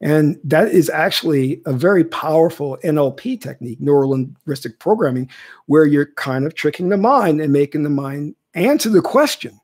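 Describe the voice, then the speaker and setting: A man's voice: a little high, animated, moderate pace, a little mellow, breathy edge. A man teaching spiritual ideas in casual livestream talk, often checking in with "okay?" and repeating phrases. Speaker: spiritual teacher answering viewer questions.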